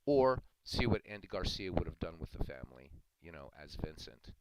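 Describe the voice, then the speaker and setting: Low-voiced male host, loose rambling chat with chuckles, noisy recording. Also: sing-song, moderate pace. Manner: rambling, chuckling, repeats himself. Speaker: stream host. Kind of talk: casual chat. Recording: loud background noise.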